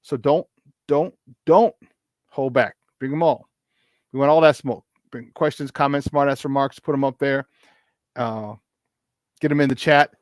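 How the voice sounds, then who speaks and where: A man's voice: mid-range voice, steady tone, normal speed, long pauses, no echo. A man with a Chicago accent hosting a live morning sports talk show, riffing playfully through promos with asides.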